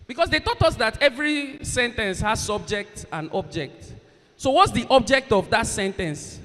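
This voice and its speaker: On stage in a large university event hall, a comedian and MC teases the audience and gets the crowd hyped. His voice is extremely high and sing-song, with a sharp tone and a moderate pace. A long hall reverb trails his stand-up banter and hosting through the PA.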